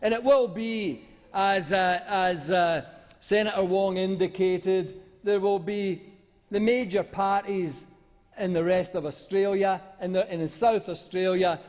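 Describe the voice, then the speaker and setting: A man's voice: sits high, fairly even intonation, a little slow, a little mellow. A man speaking as a senator in a parliamentary debate, rambling and mocking, with lots of fillers and restarts. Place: large debating chamber. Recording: echoey chamber reverb.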